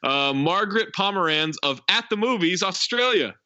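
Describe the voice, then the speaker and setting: Bright, animated male podcast host. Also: high-pitched, normal speed, no echo, muffled recording. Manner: laughs often, animated banter. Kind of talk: casual film review chat.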